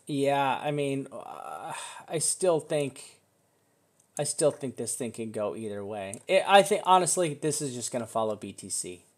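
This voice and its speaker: He breaks down crypto price charts live in a laid-back way, rambling, starting over mid-sentence and cursing casually. The voice is medium-pitched, unhurried and a bit mellow.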